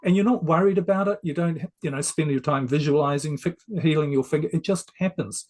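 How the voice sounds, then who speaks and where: A man who is a success coach, a guest on an interview show, explaining ideas in a gently persuasive, conversational way. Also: on the high side, brisk.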